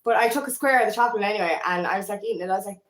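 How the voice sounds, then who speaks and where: A woman's voice: medium pitch, very fast, reverberant, rough recording. A woman with an Irish accent, a feminine empowerment coach talking candidly in a casual vlog, rambling and swearing freely.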